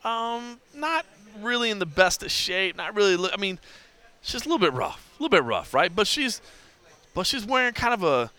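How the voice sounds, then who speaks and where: Animated man telling a story on a podcast. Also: high-pitched, moderate pace. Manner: animated storyteller acting out quoted dialogue, heavy use of "like". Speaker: podcast host. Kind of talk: casual storytelling chat.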